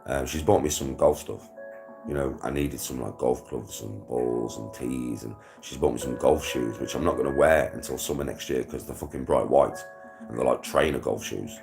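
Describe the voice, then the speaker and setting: A man's voice: extremely low pitch, normal speed, gravelly, music in the background. A young British man chatting casually to his viewers, full of slang and swearing, laughing often. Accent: British English. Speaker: vlogger. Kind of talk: casual chat to a livestream.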